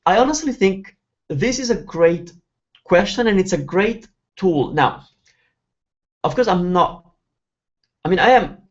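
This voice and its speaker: A man's voice: high voice, expressive, a little slow, pauses often, dull audio. A man from Italy, hosting a live online Q&A lesson and chatting as he explains phrases one by one. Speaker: Italian teacher hosting a webinar.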